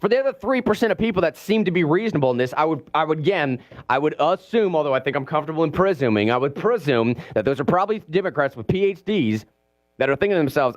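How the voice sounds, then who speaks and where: A man hosting a political talk radio show from a studio, animated and sarcastic, mimicking the people he talks about. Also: fairly high pitch, fast, no echo, highs cut off. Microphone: studio mic.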